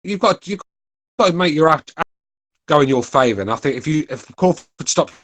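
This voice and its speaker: A man's voice: a little high, lively intonation, brisk, fairly bright tone. A blunt, opinionated man. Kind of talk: casual chat.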